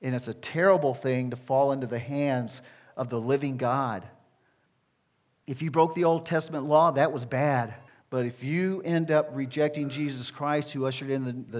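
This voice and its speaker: A man preaching a sermon, emphatic and repetitive, building to forceful declarations. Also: mid-range voice.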